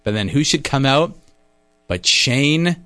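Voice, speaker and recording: A man co-hosts a casual radio chat and recaps events like a storyteller, slipping into quoted voices. His medium-pitched voice sounds dry and close. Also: slow pace, no echo. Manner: lively storyteller, acts out quotes. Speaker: radio show co-host. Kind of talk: casual chat about wrestling.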